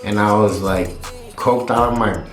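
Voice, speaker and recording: A man's voice: on the low side, steady tone, moderate pace. A man vlogger chatting casually in a laid-back way, swearing casually. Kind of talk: casual chat. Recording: roomy with faint music.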